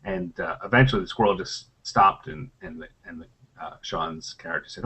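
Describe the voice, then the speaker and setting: A man's voice: low-pitched, brisk, bright, forceful tone, husky. Rambling middle-aged man telling panel stories. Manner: rambling, with frequent fillers and restarts. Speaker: panelist and former game designer. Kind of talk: convention panel anecdote.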